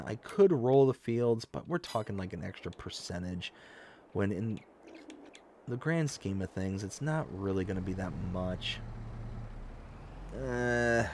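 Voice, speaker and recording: A man in his thirties telling stories on a casual live game stream, animated and self-mocking. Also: fairly low pitch, a little hiss or hum.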